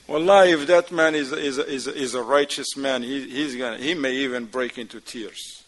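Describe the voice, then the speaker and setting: A man teaching a class at a mosque, animated, acting out little dialogues in casual non-standard English. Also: mid-range voice, unhurried, poor audio. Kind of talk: lecture class.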